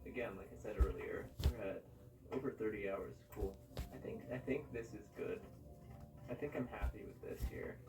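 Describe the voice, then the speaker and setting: A YouTube creator with a lowish voice gives a casual running commentary while editing a video, speaking at normal speed. He rambles, corrects himself, and hums and sings to himself, captured on a distant mic over music in a rough recording.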